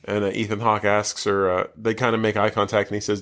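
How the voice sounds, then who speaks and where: A man's voice: fairly low pitch, flat delivery, fairly quick, a bit bright, clean tone. A man co-hosting a casual podcast, recapping a movie in a loose, rambling way full of fillers. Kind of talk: casual chat. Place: basement.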